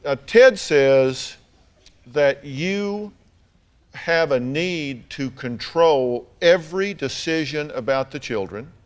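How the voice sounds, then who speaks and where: A man's voice: fairly high pitch, animated, takes it slowly. Southern male talk show host, blunt, dry-humored questioner, studio stage. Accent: Southern American. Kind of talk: confrontational interview questioning.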